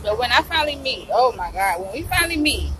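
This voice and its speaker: A woman talking casually and excitedly to her viewers in a vlog, gushing and calling them y'all, with food in her mouth. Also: on the high side, fast, slight background noise, low-quality recording. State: eating while talking. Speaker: vlogger.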